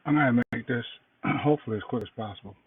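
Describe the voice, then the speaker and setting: A tired middle-aged man giving a plain-spoken, halting update in a casual video diary. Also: husky, dry recording. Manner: low-key, plain-spoken, halting with fillers. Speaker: cancer patient sharing an update. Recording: distant, phone-like, noisy recording.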